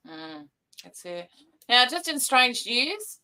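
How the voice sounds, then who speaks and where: A woman co-hosting a live online news chat, with a bright, forceful voice. She reads headlines aloud and chats loosely, full of ums and asides, over a video call. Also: on the high side, very animated, takes it slowly, smooth. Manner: chatty, filler-heavy, reading headlines aloud. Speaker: co-host of a live news talk show.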